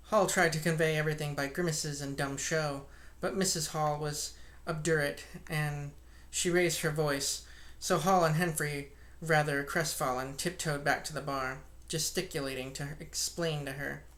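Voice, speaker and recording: A woman narrating a classic novel aloud as an audiobook reader, in a steady, measured manner. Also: sits low.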